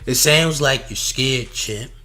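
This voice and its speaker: A man's voice: mid-range voice, slow, bright, forceful tone. A man hosting a streamed commentary show, speaking in a mocking, trash-talking way.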